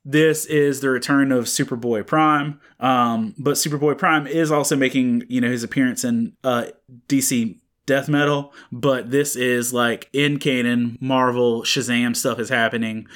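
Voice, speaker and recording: Raspy-voiced man rambling about comics. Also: medium pitch, steady tone, normal speed, fairly bright tone. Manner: rambling, many fillers and restarts. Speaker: podcast co-host. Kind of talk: casual comic book chat. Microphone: studio microphone.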